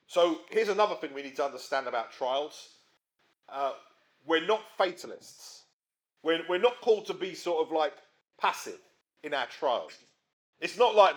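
A man preaching a sermon in a conversational way, often checking in with his listeners and swinging between emphatic rises and quiet drops. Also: a little high, animated, normal speed. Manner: conversational, frequent tag questions.

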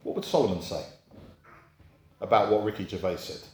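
A man's voice: lively intonation, brisk, a little mellow, reverberant, a little hiss or hum. A man preaching a sermon in a conversational storytelling way, asking rhetorical questions and acting out quoted voices. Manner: acts out quoted voices in a high pitch.

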